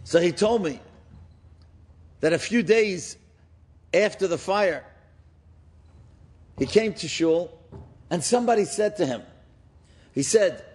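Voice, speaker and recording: A man, a rabbi, giving a storytelling sermon in an animated way, often rising for emphasis. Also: high-pitched, unhurried, pauses often, breathy edge. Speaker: rabbi and speaker.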